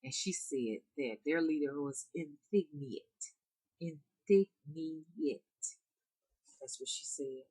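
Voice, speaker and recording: A woman spiritual reader softly and hesitantly telling her viewers a story, with frequent restarts. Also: a bass voice, a little slow, hardly any pauses, breathy edge, rough recording. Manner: soft-spoken, hesitant, with restarts.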